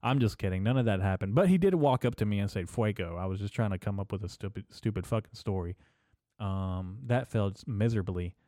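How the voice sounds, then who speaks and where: Brief: male podcast host, low register, dry mic, loose profane comic rambling. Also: brisk, dark tone, no echo. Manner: profane, loose and jokey, lots of fillers.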